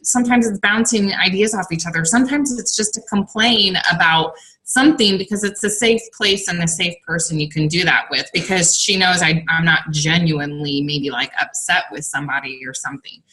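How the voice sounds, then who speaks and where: A woman's voice: fairly low pitch, a little fast, few pauses, bright, forceful tone, low-quality recording. A woman team coach talking on a casual group call in a supportive, rambling, upbeat way. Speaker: fitness coach.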